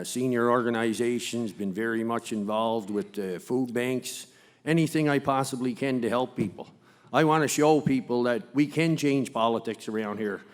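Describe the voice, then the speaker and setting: A man from Cape Breton running for mayor speaks with earnest, impassioned conviction. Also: medium pitch. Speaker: mayoral candidate. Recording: long reverb in a convention hall.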